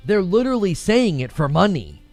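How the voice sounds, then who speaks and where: A man's voice: high-pitched, sing-song, fairly quick, a little mellow, no room sound, soft background music. A man hosting a gaming live stream, giving heated, emphatic commentary and repeating phrases for effect. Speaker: gaming channel host.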